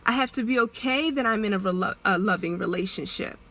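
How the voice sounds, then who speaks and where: A young adult woman talking to her vlog audience in an earnest, halting way, restarting and repeating herself as she opens up. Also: medium pitch, fairly bright tone. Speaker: vlogger. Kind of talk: emotional personal vlog confession.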